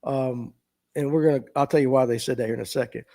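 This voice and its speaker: A man's voice: medium pitch, steady tone, quick pace, dark tone. A middle-aged man, hosting a live fishing talk show and chatting casually as he reads out viewer comments and jokes about them. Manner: folksy, joking, reads comments aloud and riffs on them. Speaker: host of a fishing talk stream.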